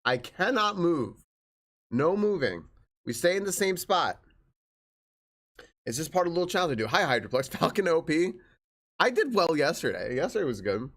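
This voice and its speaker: A man's voice: fairly high pitch, very animated, normal speed, pauses often, fairly bright tone. A young man live-streaming a game, chatting in an upbeat way and greeting his viewers one after another.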